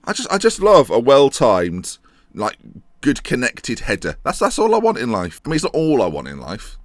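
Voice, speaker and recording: Man, young adult, excitable game commentary, pitch jumping all over, dry close mic. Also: normal speed, dry recording. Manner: excitable, jokey, thinking aloud. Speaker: gaming YouTuber. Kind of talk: let's play commentary.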